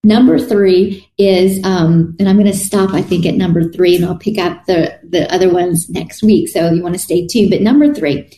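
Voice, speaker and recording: Lady preaching, earnest and chatty, mellow voice, roomy echo. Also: on the low side, moderate pace, few pauses, a little hiss or hum. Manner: earnest, conversational preaching with restarts. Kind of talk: sermon. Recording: echoey room.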